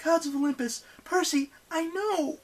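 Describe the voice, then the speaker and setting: A man voicing a tense, determined teenage demigod girl in an audiobook, with high strained cries. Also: slow pace, a bit bright, heavily acted. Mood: urgent. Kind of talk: audiobook character voice.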